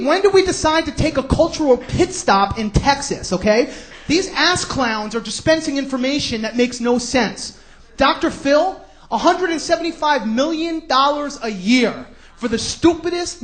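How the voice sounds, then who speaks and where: A man from New York with a New York accent, doing a stand-up comedy routine with brash, sarcastic ranting and sudden shouts. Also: extremely high pitch, animated, normal speed. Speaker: stand-up comic.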